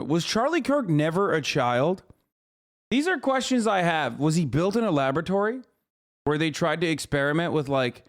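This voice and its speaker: Male streamer, 30s, casual profane commentary, mocking and disbelieving, slightly raised pitch. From United States. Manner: incredulous, mocking, loose and profane. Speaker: streamer reacting to a clip.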